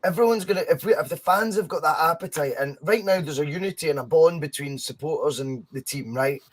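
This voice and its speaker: Animated Scottish man, slightly high voice. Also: brisk. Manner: animated, rambling, swears freely. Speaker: podcast co-host. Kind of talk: casual football chat.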